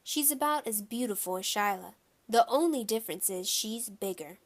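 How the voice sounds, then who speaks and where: A woman reading a children's novel aloud in a plain, steady storytelling manner. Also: medium pitch, normal speed. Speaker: audiobook reader.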